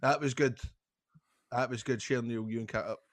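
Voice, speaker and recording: A man's voice: medium pitch, fairly even intonation, fairly quick, dry recording, studio quality. A Scottish man, a podcast guest, chatting casually and laughing through his anecdotes. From Scotland.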